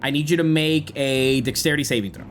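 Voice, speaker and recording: A man's voice: fairly high pitch, steady tone, quick pace, soft background music. A man narrating a tabletop game as game master, describing the scene dramatically.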